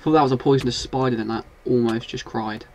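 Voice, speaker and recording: A man giving casual, excitable commentary while playing a video game, scolding and swearing at the monsters on screen. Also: mid-range voice, quick pace, slight background noise. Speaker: gaming video host.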